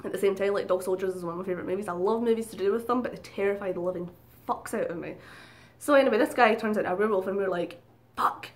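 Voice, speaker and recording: A woman's voice: mid-range voice, very fast. Chatty woman, swearing freely. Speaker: vlogger. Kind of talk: casual storytelling.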